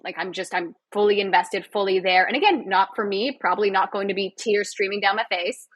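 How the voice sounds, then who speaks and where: A woman's voice: mid-range voice, brisk, a bit bright, no room sound, low-quality recording. A woman guest on a podcast, chatting casually with a sarcastic, jokey manner and frequent laughs. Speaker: guest, physiotherapist and actor.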